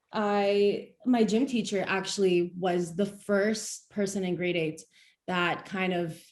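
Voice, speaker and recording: A young woman from Palestine, speaking in a casual chat and telling stories in an animated way with frequent laughs. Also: medium pitch. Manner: animated storytelling, laughs often. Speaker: guest speaker.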